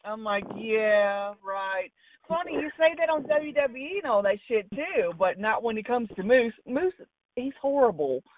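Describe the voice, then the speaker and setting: A woman's voice: a little high, animated, normal speed, slight background noise. Blunt, cussing woman on a phone line. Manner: blunt, opinionated, swears freely. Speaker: call-in wrestling commentator. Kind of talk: casual call-in chat. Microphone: phone call. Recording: tinny phone line, far from mic.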